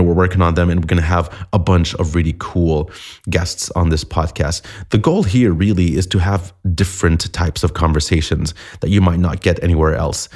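A man's voice: low voice, a little mellow. A man hosting a podcast in a chatty, self-deprecating monologue, a little sniffly from a cold. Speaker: podcast host.

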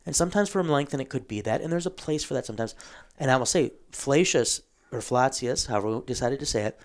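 A man of average pitch walks through a book in a casual theological conversation. He explains at length, pausing with ums and clearing his throat now and then. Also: lively intonation.

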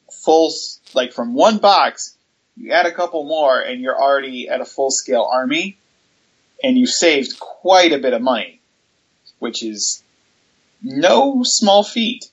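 A man's voice: medium pitch, expressive, unhurried, breathy edge. A man with a mid-range voice explains things steadily in a casual chat, running through lists with some fillers. His audio is dull and lo-fi.

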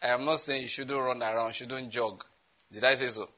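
Preacher guy, sharp bright voice, laughs a lot mid-sermon, chatty asides. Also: medium pitch, steady tone, moderate pace, rough recording. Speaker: pastor.

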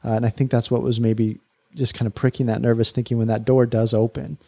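A man hosting a podcast, speaking in a heartfelt, halting way as he fights back tears. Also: mid-range voice, little pitch movement, creaky, warm tone, no echo. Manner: heartfelt, choked up, halting with fillers. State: emotional, close to tears. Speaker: podcast host. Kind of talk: casual podcast chat.

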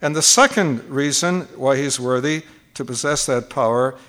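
A man's voice: medium pitch, moderate pace, a bit bright. An older man preaching at a conference, teaching point by point and repeating key phrases for emphasis. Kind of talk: sermon.

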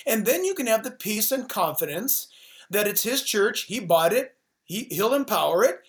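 A man's voice: sits high, very animated, normal speed. Fervent preaching male pastor guest. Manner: preachy, fervent, exhorting pastors in second person. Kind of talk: forceful talk-show interview.

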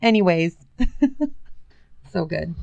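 A woman's voice: fairly low pitch, slow, gravelly, a little mellow, no room sound, dull audio. Giggly woman in casual chat. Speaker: podcast co-host. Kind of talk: casual chat reviewing a TV show.

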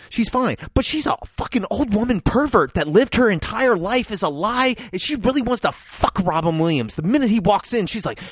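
A podcast co-host with a high-sitting voice delivers a profane film review, ranting heatedly with loud outbursts and plenty of swearing. The sound is dry and clean, studio quality.

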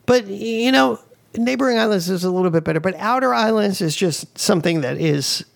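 Man, casual vlogger, slight Hawaiian Pidgin tinge, high gravelly voice, rambling and chatty. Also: animated, a little fast. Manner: chatty, rambling, many fillers. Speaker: vlogger giving local tips. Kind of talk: casual chat.

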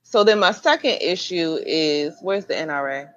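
A woman's voice: low voice, lively intonation, normal speed, no room sound, lo-fi sound. A woman co-hosting a casual podcast chat, bluntly laying out her issues one by one. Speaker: podcast co-host.

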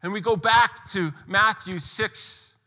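A man preaching a sermon as pastor, emphatic, pressing hard on key words and rising to near-shouts. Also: high-pitched, takes it slowly, big-room sound.

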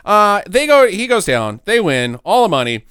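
A man co-hosting a casual podcast, recapping a movie in an animated way, swearing and acting out the characters' lines. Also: high-pitched, moderate pace, smooth, no echo, studio quality. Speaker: podcast co-host recapping a film. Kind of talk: casual chat.

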